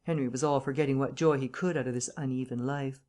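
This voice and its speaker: A woman reads a classic novel aloud as audiobook narrator. Her delivery is measured and even, in a steady storytelling manner. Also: extremely low pitch.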